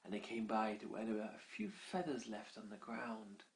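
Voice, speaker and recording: An adult parent making up a bedtime story for a child, speaking softly and unhurriedly, often dropping low and quiet. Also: normal speed, few pauses.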